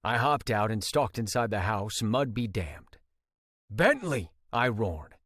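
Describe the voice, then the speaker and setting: A man's voice: on the low side, unhurried, a bit bright, no echo, clean studio sound. A man narrating a romance audiobook in first person, tense and intense.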